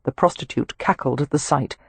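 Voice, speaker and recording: An audiobook narrator reading a historical romance with expressive, animated storytelling. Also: mid-range voice, a little fast, creaky, breathy edge, no room sound.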